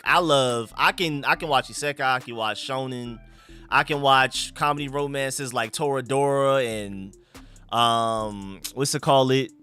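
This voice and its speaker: Bright-voiced man streaming live. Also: mid-range voice. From Atlanta, USA. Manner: relaxed, slangy, bursts of hype calling out picks. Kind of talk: casual live-stream chat reading comments.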